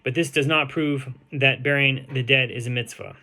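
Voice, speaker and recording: A man with a bright, forward voice at an ordinary pitch teaches a daily Talmud page. He reads the translated text steadily, drawing out Hebrew and Aramaic words slowly and filling pauses with ums and uhs. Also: fairly even intonation. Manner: reads translated text aloud, slowing to sound out Hebrew and Aramaic terms, with fillers. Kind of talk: reading and explaining a Talmud page.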